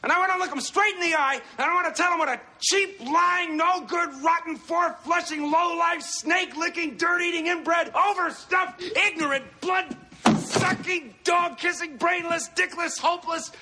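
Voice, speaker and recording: An actor playing a frazzled middle-aged father in a film comedy, ranting and shouting in rage. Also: very high-pitched, rapid-fire, few pauses, slight background noise, exaggerated voice. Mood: furious rant.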